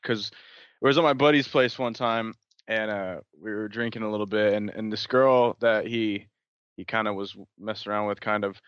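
A man's voice: fairly low pitch, steady tone, moderate pace, smooth, no echo. A man on a podcast telling a story in a rambling, hesitant way. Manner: rambling, hesitant, lots of fillers. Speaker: podcast co-host. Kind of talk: casual storytelling chat. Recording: dull, dry lo-fi audio.

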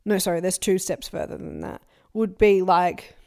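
A woman's voice: lowish voice, normal speed, vocal fry. A young woman co-hosting a podcast, chatting casually and animatedly about influencer drama. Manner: animated, quotes people in put-on voices. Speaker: podcast co-host. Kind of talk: casual gossip chat.

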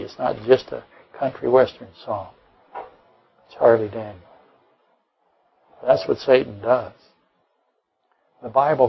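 A man's voice: mid-range voice, creaky, a little mellow, breathy edge, low-quality recording. A man preaching a sermon to his congregation as pastor, emphatic, with rhetorical questions and dry jokes. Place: church.

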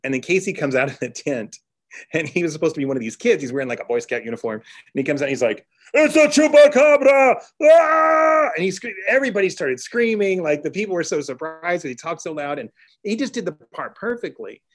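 A middle-aged man from Texas, a teacher telling a classroom story in an interview, earnest, with restarts and excited bursts. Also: fairly high pitch, fast talker. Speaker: teacher and author guest. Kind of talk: storytelling in conversation.

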